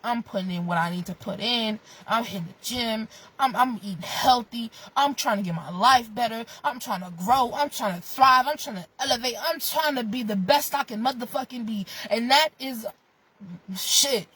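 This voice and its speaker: A woman's voice: a little high, normal speed, breathy edge, low-quality recording. A young woman vlogger giving a blunt, profane motivational rant in casual chat. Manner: profane, blunt, animated with bursts of laughter.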